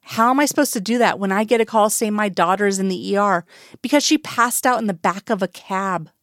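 A woman reading the part of a worried older mother, soft-voiced but insistent and pleading. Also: medium pitch, a little fast, no room sound, clean studio sound, lightly acted.

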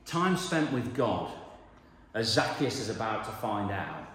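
A man's voice: on the low side, very animated, measured pace, a bit bright. A man preaching a conversational sermon in a church hall, with joking asides to the congregation. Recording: echoey hall, reverberant.

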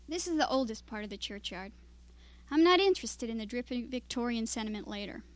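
A mild, friendly Midwestern man, unhurried and unaggressive, his words dropping low and soft, as a woman reading a story puts him on. He is nostalgic at heart, with a quiet streak of bitterness. The voice stays fairly high, as it is a woman's voice under the role. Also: lively intonation, no room sound, close to an everyday voice. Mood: musing.

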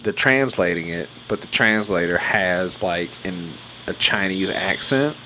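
A man's voice: low voice, unhurried, pushed and bright. A man in casual, crude banter, swearing freely and laughing often. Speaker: co-host of casual drinking chat. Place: home with a baby. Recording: noisy home recording.

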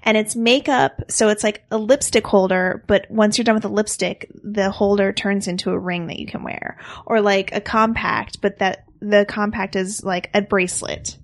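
A woman's voice: mid-range voice, fairly even intonation, normal speed, few pauses. A woman co-hosting a podcast, chatty and laughing often during a casual film discussion. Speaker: podcast co-host.

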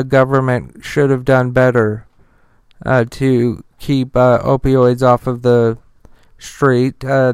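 A man's voice: medium pitch, smooth, dry recording, clean studio sound. A man from Utah hosting a podcast, reading news stories with many fillers and breaking into profane, outraged asides. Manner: halting, with many uh fillers and repeated words. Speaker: podcast host. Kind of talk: casual news commentary.

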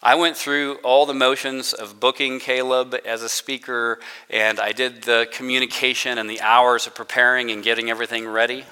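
Guy preaching to students, super bright voice, chatty and sarcastic, long echo from a big hall. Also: mid-range voice, flat delivery, normal speed, few pauses, smooth. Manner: conversational and self-deprecating, with playful sarcasm and acted-out quotes. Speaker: director of spiritual formation, chapel speaker. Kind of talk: casual sermon to students.

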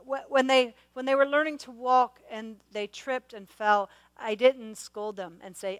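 A woman's voice: high-pitched, moderate pace, hardly any pauses, clean tone, no echo, poor audio. Passionate woman preacher, dry sound. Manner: passionate, rising to loud exhortation. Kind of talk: sermon.

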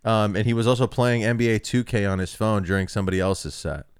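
A man's voice: on the low side, quick pace, clean tone, no echo, studio quality. A man, a comedian, chatting casually on a podcast and telling wry stories about his sets. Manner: wry, storytelling, slips into freestyle rap.

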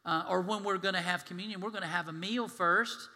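A man's voice: sits high, fairly even intonation, brisk, pushed and bright. A man preaching a sermon as pastor, folksy and conversational, acting out the voices he quotes. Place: church sanctuary. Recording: long reverb of a large hall.

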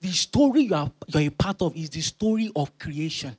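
Lively, high-voiced pastor preaching. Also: male voice, fairly quick, breathy edge. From Nigeria. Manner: emphatic, repeats phrases, builds to loud exhortation. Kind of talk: sermon.

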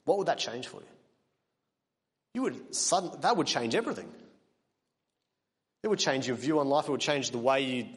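A man's voice: mid-range voice, fairly bright tone. Earnest preacher man in a reverberant hall. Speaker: pastor. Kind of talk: sermon.

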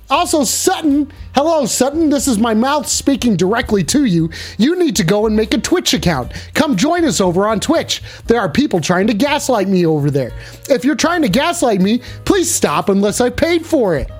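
A man hosting a crude comedy live stream, taking callers and talking loud and profane, often bursting into yelling. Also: extremely high pitch, very animated, normal speed, faint music behind.

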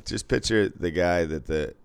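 A man's voice: a little slow, clear, resonant tone. A man who works as a casino pit boss, chatting casually, laughing and swearing as he tells stories. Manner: laughing storyteller, swears freely, acts out others in a higher voice. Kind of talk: casual chat.

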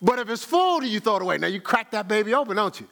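A man preaching a sermon in a folksy, conversational way, voice swinging high for emphasis and low for asides, with chuckles and repeated words. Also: very animated, very fast, vocal fry, bright, forceful tone. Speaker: pastor.

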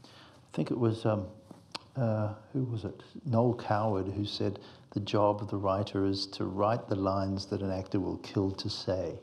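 A man's voice: on the low side, little pitch movement, measured pace, vocal fry, darkish tone. A male screenwriter giving reflective, meandering interview answers, fond of analogies.

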